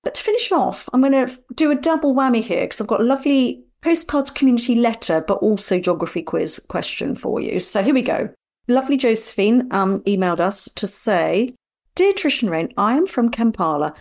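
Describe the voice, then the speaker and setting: A woman's voice: on the high side, lively intonation, brisk, a little mellow. A middle-aged woman co-hosting a podcast, chatting casually and playfully teasing as she runs a quiz. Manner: teasing, giggly quizmaster. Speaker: podcast co-host. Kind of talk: casual chat.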